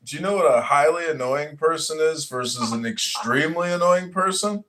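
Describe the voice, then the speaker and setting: A man hosting a podcast in casual chat, animated, swearing and acting out what others said. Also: a little high, moderate pace, slight background noise. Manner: animated, swears, acts out quotes loudly. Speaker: podcast host.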